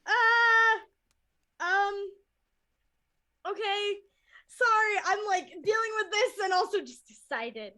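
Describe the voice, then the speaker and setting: A woman player on a tabletop game stream, excited and flustered, swearing casually. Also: very high voice, takes it slowly, pauses often.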